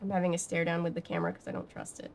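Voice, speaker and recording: A woman's voice: lowish voice, rapid-fire, creaky, darkish tone, slight background noise. A woman streaming from home, chatting casually and rambling with many fillers while she answers her chat. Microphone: webcam setup.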